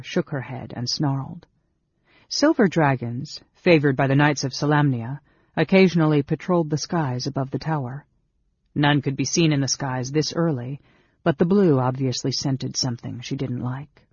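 A man narrating a fantasy audiobook in a measured, even storytelling manner. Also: mid-range voice, husky, dry recording, muffled recording. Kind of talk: scripted narration.

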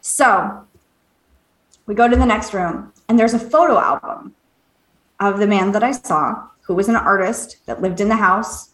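A woman, a podcast co-host and medium, telling a story in a casual, animated way, laughing often, swearing and acting out what people said. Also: medium pitch, a little slow. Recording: echoey room.

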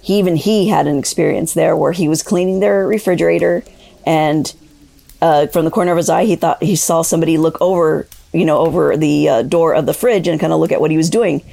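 Gravelly low-voiced woman telling a story. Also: dark tone, no room sound. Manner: rambling, halting, with many fillers. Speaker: caller sharing a ghost story. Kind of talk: casual spoken storytelling.

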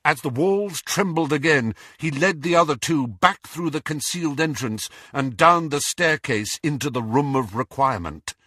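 A man narrates an audiobook, his voice lively and rising and falling freely. The tone is bright with a slight husky grain. It is recorded dry and close. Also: fairly high pitch, moderate pace, few pauses, no echo. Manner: expressive storytelling. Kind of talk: scripted narration.

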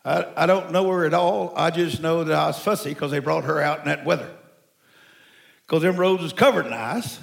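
A man in his seventies from Mexico, preaching a sermon to a congregation with folksy, animated storytelling that breaks into shouts. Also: a little high, normal speed, creaky. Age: 70s.

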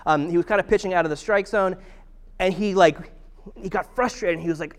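Pastor type, man in his thirties, high voice, wry self-mocking storyteller. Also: brisk. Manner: humorous self-deprecating storytelling. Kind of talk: conversational sermon.

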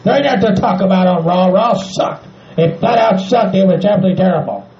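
A man's voice: high voice, expressive, fairly quick, creaky. A man voicing a cranky, foul-mouthed hillbilly man who rants and swears. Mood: furious. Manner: ranting, swearing, says "by God". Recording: echoey muffled room, faint noise.

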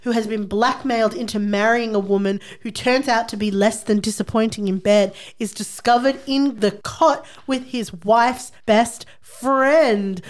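A woman in a casual chat, animated and laughing often as she reads old ads aloud. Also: on the high side, unhurried, few pauses.

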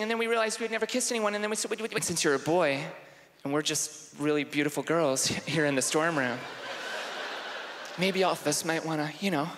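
A man imitating giggly young women in a college dorm in a high, squeaky falsetto. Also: pushed and bright, slight background noise. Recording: echoey theater hall.

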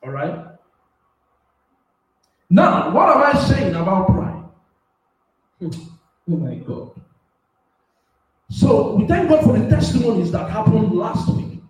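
A man preaching a sermon on a radio platform, swinging between loud shouting and soft asides and laughing often. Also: sits high, very animated, takes it slowly, long pauses, very echoey, far from the mic, rough recording.

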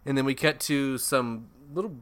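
A man's voice: mid-range voice, moderate pace, fairly bright tone. A man hosting a casual movie review, rambling, swearing a lot and laughing often. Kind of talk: casual chat.

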